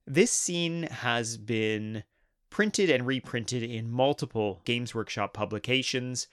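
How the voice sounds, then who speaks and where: A man's voice: mid-range voice, takes it slowly, a bit bright, clear, resonant tone, no echo, studio quality. A man hosting a hobby history video, narrating in an enthusiastic, conversational way. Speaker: host.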